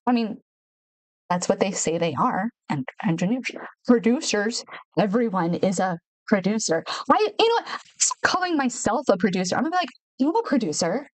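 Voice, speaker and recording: A woman's voice: mid-range voice, big pitch swings, normal speed, dry recording. A woman hosting a podcast in casual talk to camera, chatty and repeating words for emphasis, speaking into a home studio microphone. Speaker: podcast host. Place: her home studio in Nashville.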